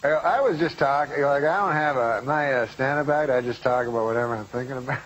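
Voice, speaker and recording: A man appears as a comedian guest in a talk show interview, rambling through a story in a deadpan way. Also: medium pitch, quick pace, muffled recording.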